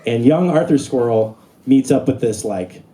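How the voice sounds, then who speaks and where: A man's voice: medium pitch, animated, moderate pace, mellow. A young man doing a stand-up comedy set on stage, talking in a casual, rambling way with lots of fillers. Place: comedy club stage before a live audience. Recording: live room with audible noise.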